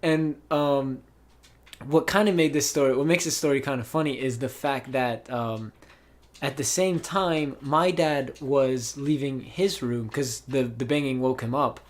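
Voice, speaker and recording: A man's voice: mid-range voice, a little slow. Young male podcast host, laid-back storyteller, lots of ums and restarts. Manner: rambling, with many fillers and restarts. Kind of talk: casual storytelling chat. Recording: voice call.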